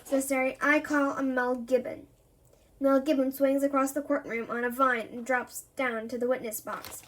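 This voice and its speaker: Woman with a high voice reading a children's story aloud, lively, voices the characters. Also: moderate pace. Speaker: reader.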